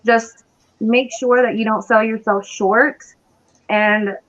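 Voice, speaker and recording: A woman's voice: fairly high pitch, fairly even intonation, slow, highs cut off, background noise. A woman giving live psychic readings, reassuring and calling people hon. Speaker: psychic reader.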